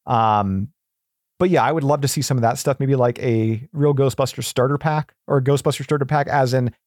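A man's voice: mid-range voice, fairly quick, darkish tone, no echo, studio quality. A man chatting casually as a podcast guest, rambling with many fillers and restarts. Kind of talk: casual chat.

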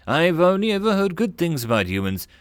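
A man's voice: on the high side, big pitch swings, brisk, smooth, no echo, clean studio sound, voice pushed up. A man voicing an earnest male alien crewman in an audiobook story.

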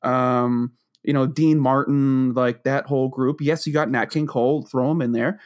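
A man's voice: medium pitch, normal speed. A man co-hosting a podcast, telling a story in casual chat with lots of laughter and acted-out quotes. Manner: animated storyteller, laughs often, acts out quotes. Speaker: podcast co-host.

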